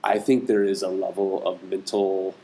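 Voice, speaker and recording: A man's voice: low voice, little pitch movement, creaky, mellow, a little hiss or hum, rough recording. A man co-hosts a podcast in easygoing chat. He teases his partner lightly, backs her up, and laughs easily. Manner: teasing, supportive, quick to laugh. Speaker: podcast co-host. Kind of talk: casual chat.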